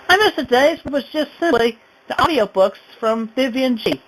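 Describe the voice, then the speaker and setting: A woman's voice: sits high, sing-song, fairly quick, a bit bright, slightly rough, rough recording. A woman vlogging an indignant, rambling rant, sighing often. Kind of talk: ranting home vlog.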